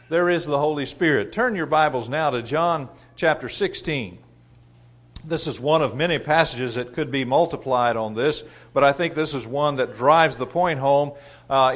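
A man delivering a sermon in a fairly high voice. He reads scripture with rising force and slows for emphasis, then drops his voice low for rhetorical questions to the congregation. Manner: drops to quiet rhetorical asides. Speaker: preacher.

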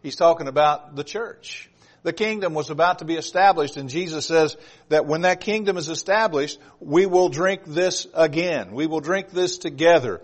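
A man preaching a sermon to his congregation, reading scripture aloud with slow, stressed emphasis and speaking to them in an earnest, direct way. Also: fairly high pitch.

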